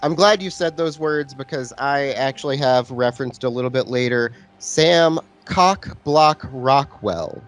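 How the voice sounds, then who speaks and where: A man's voice: mid-range voice, a little slow, hardly any pauses. A man co-hosting a podcast, making wry, profane asides and introducing the movie's characters. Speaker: podcast co-host. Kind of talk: casual movie-review chat.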